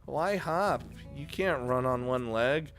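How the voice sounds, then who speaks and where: A man voicing a sporty young woman who talks in a rushed, breathless, pleading way. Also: medium pitch, a bit bright, faint music behind. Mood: glum. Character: sporty young woman runner, cheerful but upset.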